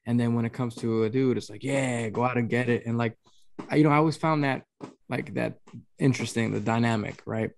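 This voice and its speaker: A man hosting a podcast, telling a funny story in a casual, animated way at home over a video call. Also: fairly quick, gravelly, a little hiss or hum. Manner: animated storyteller, imitates his dad in a low mumble. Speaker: podcast host.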